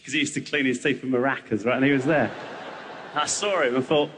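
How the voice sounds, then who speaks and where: A man's voice: medium pitch, steady tone, fairly quick, fairly bright tone, breathy edge. A man in his thirties from England, performing a whimsical, rambling surreal stand-up routine on a comedy club stage. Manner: whimsical, rambling, jumping into silly character voices.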